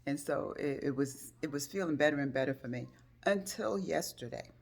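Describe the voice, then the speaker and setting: A woman's voice: moderate pace, vocal fry. An older woman telling a personal story in a vlog, her voice rising sharply as she re-enacts phone calls. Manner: emotional retelling, acts out phone calls in a high excited voice. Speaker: vlogger.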